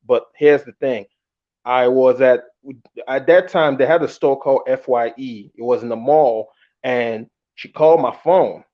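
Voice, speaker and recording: A man telling a long personal story in a casual, candid and animated way, acting out the quotes. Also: mid-range voice, unhurried. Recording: muffled lo-fi audio.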